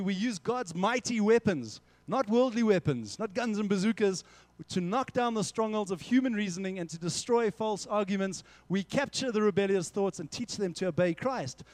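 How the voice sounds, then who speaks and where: Speaking energetically and casually, this youth pastor, a young man with a rather high voice, addresses his listeners as "guys" and slips into little acted dialogues to illustrate ideas. His recording sounds close and dry, free of any echo.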